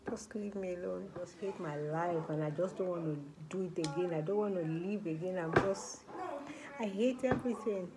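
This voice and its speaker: A woman's voice: fairly low pitch, moderate pace, very noisy, lightly acted. A young woman playing a hopeless fourteen-year-old girl in a group home, bitter and pleading, in a student role-play scene. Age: young adult.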